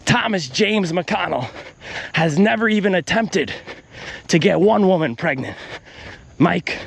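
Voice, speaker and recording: A man's voice: sits high, expressive, measured pace, gravelly, husky, voice pushed up, full character voice. A man doing an impression of an earnest, folksy female basketball TV commentator who gushes and keeps addressing her broadcast partner by name. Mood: gushing.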